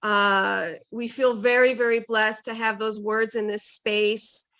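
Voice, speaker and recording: A woman hosting an online poetry reading over a video call, halting and effusive and stumbling over her words. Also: a little high, little pitch movement, bright, forceful tone. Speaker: event host.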